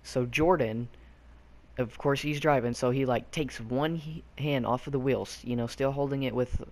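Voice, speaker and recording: A man's voice: mid-range voice, moderate pace. Rambling young man telling a story. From Arkansas. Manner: rambling, full of fillers, loose slang. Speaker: YouTube storyteller. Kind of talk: casual storytelling.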